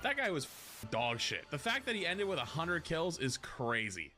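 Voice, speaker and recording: A young man streaming and commentating on a game in a casual, rambling way, joking in quick asides. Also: a little high, sing-song, bright, forceful tone. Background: game music.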